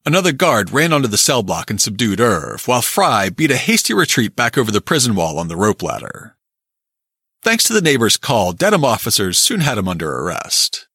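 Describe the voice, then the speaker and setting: Lively male true-crime narrator. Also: medium pitch, breathy edge, no room sound, clean studio sound. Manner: lively storytelling, quotes old newspaper accounts.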